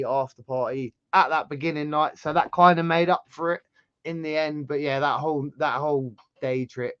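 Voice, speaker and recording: An English man with a sore throat, telling a travel story in casual chat as a channel host, animated and rambling. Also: dry recording, lo-fi sound. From England. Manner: chatty storyteller, animated swings in pitch and loudness.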